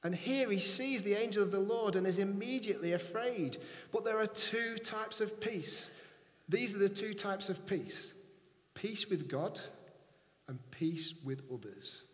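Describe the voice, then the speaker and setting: A man's voice: high voice, animated, unhurried. Man preaching in an echoey hall. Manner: reads scripture then repeats lines softly for emphasis. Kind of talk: sermon. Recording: echoey hall with long reverb.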